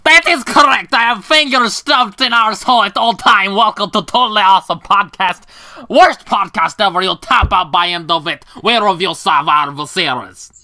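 A man's voice: high-pitched, moderate pace, pushed and bright, full character voice. A man putting on a brash foreigner who talks in broken English and drops his articles. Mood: brash boasting.

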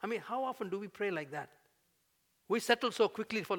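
A man preaching a sermon, conversational with fillers, building to loud, emphatic peaks as he voices prayers. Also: high-pitched, expressive, fairly quick. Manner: fillers and restarts, conversational teaching.

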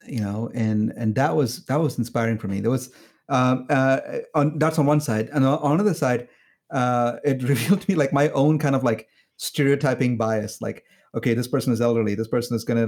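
A man casually recounting an anecdote in a group conversation, acting out the people he quotes. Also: medium pitch. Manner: animated, acts out quotes with laughter. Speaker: phone bank volunteer. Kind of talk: casual storytelling in a group chat.

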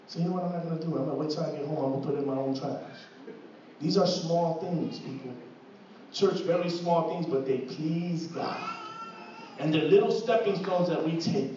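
A man preaching to his church as pastor, repeating words and asking "right?" as he builds to louder passages. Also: fairly high pitch, fairly quick, a little hiss or hum. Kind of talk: sermon. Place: church hall. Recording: echoey hall from far off, dull.

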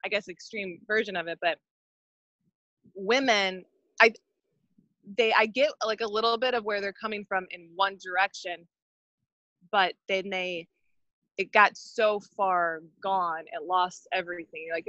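A woman's voice: mid-range voice, fairly even intonation, a little slow, long pauses, pushed and bright, dry recording, dull audio. A married woman talking in a casual conversation, opinionated and rambling. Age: adult, married.

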